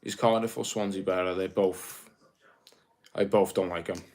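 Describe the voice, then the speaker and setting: A young man from Wales with a South Welsh accent, chatting casually on a livestream and reading viewer comments aloud in a relaxed, rambling way. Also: sits low, moderate pace. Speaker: livestream host.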